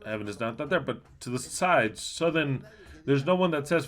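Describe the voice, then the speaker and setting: A man giving a livestreamed Bible teaching. He is emphatic and asks many rhetorical questions, swinging between loud and soft, with blunt, coarse asides. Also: mid-range voice, lively intonation, moderate pace.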